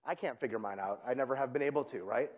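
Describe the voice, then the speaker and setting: A man giving an energetic conference keynote, often checking in with the audience by asking "right?". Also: medium pitch, fast talker. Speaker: conference speaker. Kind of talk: keynote talk.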